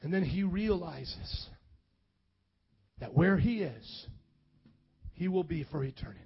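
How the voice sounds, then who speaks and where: Husky high-voiced preacher, slow and dramatic. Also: male voice, lively intonation. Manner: dramatic, swings from loud calls to low quiet reading. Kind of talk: sermon reading scripture aloud. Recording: dull lo-fi sound with faint music.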